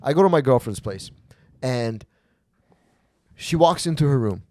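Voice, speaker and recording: Young male podcast host, crude animated storyteller, dry close sound. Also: mid-range voice, a little slow, no echo. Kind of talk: casual podcast chat.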